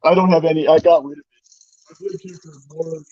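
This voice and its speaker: A man's voice: fairly high pitch, steady tone, fast talker, a loud crowd. Blunt, swearing man on a dull lo-fi mic. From Boston area. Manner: blunt, swears casually, restarts often. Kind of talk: casual chat. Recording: dull lo-fi sound.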